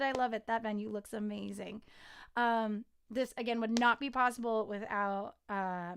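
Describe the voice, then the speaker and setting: A woman singer-songwriter chatting casually on a livestream, excitable and rambling, with frequent giggles. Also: on the high side, gravelly.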